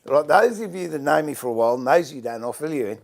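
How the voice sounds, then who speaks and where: Older Australian man, livestream host, high voice, swooping lively delivery, greets viewers by name. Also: quick pace, vocal fry. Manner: chatty, greets viewers by name, fiddles with gear while talking. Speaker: livestream host and furniture maker. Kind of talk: casual livestream chat.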